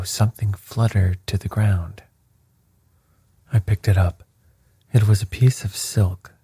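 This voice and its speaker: A man narrating a story in a soft, measured whisper. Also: low-pitched, dry recording. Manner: soft, measured, breathy reading.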